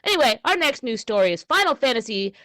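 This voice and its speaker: A woman's voice: a little high, sing-song, quick pace, fairly bright tone, no echo. A woman co-hosting a casual podcast, chatting and reading news aloud with small restarts. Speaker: podcast co-host.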